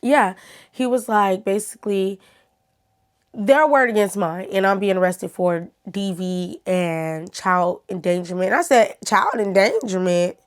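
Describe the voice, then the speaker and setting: Woman vlogger, chatty storyteller talking straight to her audience, mid-pitched voice. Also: unhurried. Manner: chatty, talks straight to viewers. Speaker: YouTuber. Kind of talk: casual storytime vlog.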